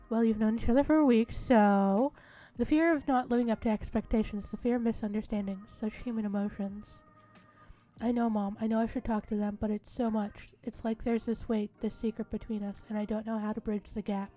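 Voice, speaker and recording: A woman reading a visual novel's narration aloud in a hushed, dramatic way during a casual let's-play, with faint music behind her. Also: a little high, steady tone, moderate pace.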